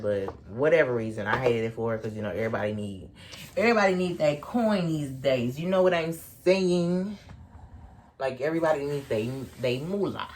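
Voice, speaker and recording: Animated, foul-mouthed young storyteller man. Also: medium pitch, background noise. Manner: animated, swears constantly, laughs while talking. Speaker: vlogger telling a story. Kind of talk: casual storytime chat. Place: indoors at home, sipping a drink.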